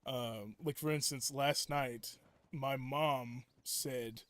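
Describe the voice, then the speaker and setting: A man's voice: mid-range voice, steady tone, slow pace, a bit bright, no room sound. A young man chatting casually while live-streaming a game, rambling through stories with lots of fillers and restarts. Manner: rambling, filler-heavy, self-interrupting storytelling.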